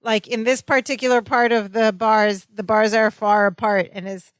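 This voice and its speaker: A woman's voice: a little high, steady tone, moderate pace, no echo. A woman co-hosting a podcast, chatting casually as she retells a sitcom episode and quotes the characters with animation. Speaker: podcast co-host. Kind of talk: casual chat recapping a sitcom.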